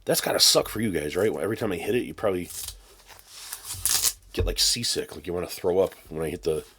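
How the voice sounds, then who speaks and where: A man with a deep voice chats through a casual unboxing vlog at his desk. He rambles and slips into sarcastic mock rants, and a faint crinkle of packaging sits under his voice from the camera mic. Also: animated, fast talker, fairly bright tone, a little hiss or hum. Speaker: channel host. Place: home desk with camera and laptop.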